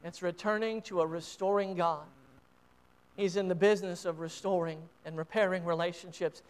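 High-voiced fervent male preacher. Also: fairly even intonation, moderate pace, clear, resonant tone. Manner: fervent preaching, swelling and dropping in volume. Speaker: pastor. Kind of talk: sermon. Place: church sanctuary. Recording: long church reverb.

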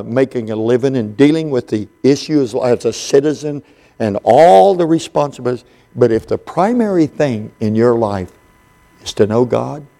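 A man preaching a sermon in an unhurried, folksy storytelling way, with frequent pauses and fillers. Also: medium pitch, gravelly, mellow.

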